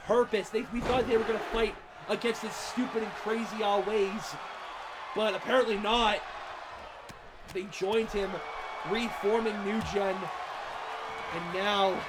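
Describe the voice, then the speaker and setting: Biased wrestling commentator, man, shouting over a roaring arena crowd and loud noise. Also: high-pitched. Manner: openly biased, shouting, swearing, cheering on favorites. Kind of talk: play-by-play commentary.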